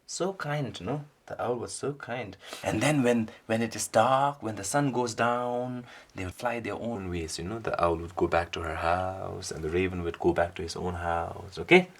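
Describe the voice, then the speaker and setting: A man reading a picture book aloud to children, animated and stopping often to ask them questions. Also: deep voice, normal speed, hardly any pauses, slight background noise. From Bhutan. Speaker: storyteller.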